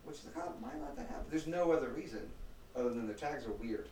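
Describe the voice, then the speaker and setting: A man co-hosting a podcast, talking about a film in an animated, excitable way. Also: mid-range voice, fast. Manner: animated, excitable, bursts into loud laughter. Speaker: podcast co-host. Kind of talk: casual movie chat. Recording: roomy, distant mic with faint noise.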